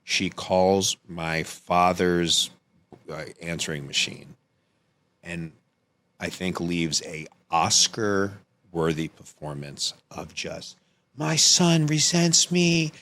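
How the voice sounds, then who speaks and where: Guest storyteller: deep-voiced man, animated and profane, casual podcast chat. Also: slow. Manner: animated, acts out quotes in raised voices, swears freely.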